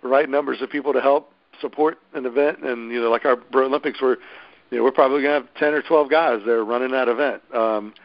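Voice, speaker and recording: A man's voice: mid-range voice, steady tone, fast, dry recording, muffled recording. A man organizing a hosted event, chatting casually and enthusiastically with many restarts. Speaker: local event host organizer. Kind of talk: casual podcast chat.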